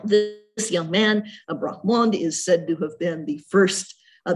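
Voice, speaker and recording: A middle-aged woman giving an art history lecture as a museum curator, chatty and full of ums and self-corrections. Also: fairly low pitch.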